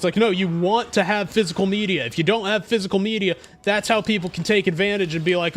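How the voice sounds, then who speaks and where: A young man streaming a game and ranting to chat, profane and quick to anger. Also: high voice, faint music behind. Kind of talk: casual gaming stream chat.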